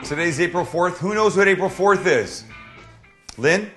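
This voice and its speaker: A man's voice: high voice, lively intonation, measured pace, a bit bright, faint music behind. Wisecracking man hosting a cooking show. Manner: joking, wisecracking, a bit profane. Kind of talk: casual cooking demonstration.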